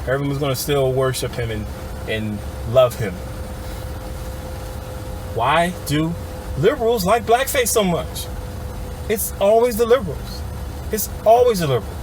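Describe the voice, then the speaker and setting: Heated high-voiced man ranting to camera. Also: slight background noise. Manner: heated, sarcastic, addresses viewers as y'all. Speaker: political commentator. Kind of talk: ranting video commentary.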